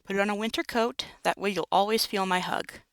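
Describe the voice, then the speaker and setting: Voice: mid-range voice, fairly even intonation, fairly quick, a bit bright, no echo, natural voice. A performer voicing a playful, teasing lover in a dream scene from a text game.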